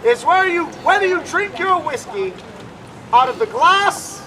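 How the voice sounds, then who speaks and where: High-voiced man joking live to a crowd. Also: big pitch swings, unhurried. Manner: joking, banters with the audience. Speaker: street magician and comic. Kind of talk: live stand-up magic act. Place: outdoor fair stage. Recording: loud crowd around an outdoor show.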